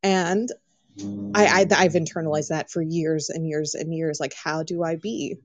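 A woman's voice: sits low, steady tone, a little slow, dry recording, highs cut off, faint music behind. A woman guest in casual chat, frank and candid, with the odd curse word. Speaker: podcast guest.

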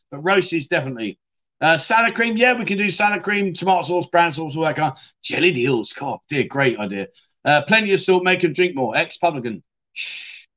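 A man's voice: on the high side, a bit bright. A middle-aged man casually hosting a livestream, reading out viewer comments and joking along. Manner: chatty, jokey, reads out viewer comments. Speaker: livestream host.

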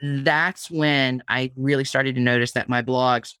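A woman's voice: a bass voice, fairly even intonation, measured pace, fairly bright tone, smooth, dry recording, clean studio sound. A woman guest on a podcast interview, talking casually about her craft, with frequent restarts and repeated words. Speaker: guest, blogging teacher.

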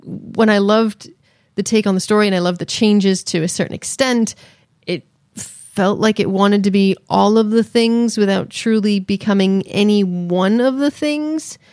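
A woman co-hosting a casual podcast, playful and quick to laugh as she reviews a film. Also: mid-range voice, a little mellow, dry recording, clean studio sound. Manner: playful, laughs often, breaks into sung bits. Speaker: podcast co-host. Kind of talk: casual chat.

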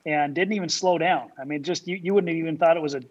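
A relaxed man talks as a guest in a casual chat, admiring and a little halting. His voice sits slightly high. The audio is dull and lo-fi.

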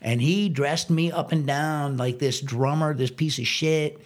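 A man, a drummer, telling a long story in casual conversation, rambling and animated, with lots of swearing. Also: fairly high pitch, measured pace.

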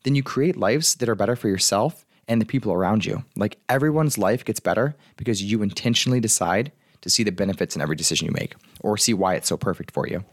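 Fast-talking chatty man, dry close sound. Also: on the low side, animated, no echo. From United States. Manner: rambling, chatty, lots of fillers. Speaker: life coach. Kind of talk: casual solo talk. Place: his apartment.

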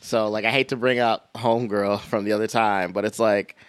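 A man's voice: on the low side, steady tone, fairly quick, clean tone, dry recording. A young man co-hosting a podcast in casual chat, laid-back and teasing, often laughing. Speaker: podcast co-host.

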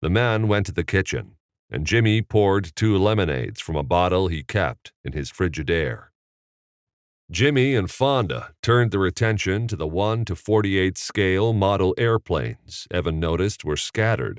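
A man narrating an audiobook chapter in a measured, expressive reading. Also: low voice, no echo, clean studio sound. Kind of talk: scripted narration.

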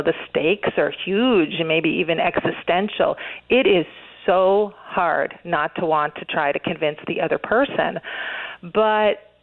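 A woman being interviewed, talking earnestly with many fillers and restarts. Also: fairly low pitch. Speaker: interview guest, author. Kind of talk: radio interview, conversational. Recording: phone-line interview audio.

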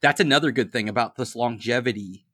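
A man's voice: mid-range voice, brisk, dry recording, studio quality. A man co-hosting a casual movie podcast, retelling scenes and acting out lines in playful voices, laughing often. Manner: animated, acts out quotes in funny voices. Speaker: podcast co-host.

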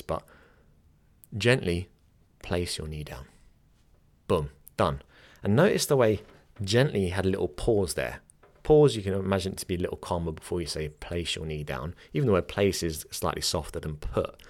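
A man, a yoga teacher giving casual, direct teaching advice with chatty asides. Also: low-pitched. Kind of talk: instructional talk.

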